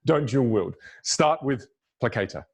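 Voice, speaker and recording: Speaking in an unhurried, husky voice, a man gives a public speaking lesson to an online audience. He's animated and demonstrative, letting his pitch range widely and repeating important phrases to drive them home.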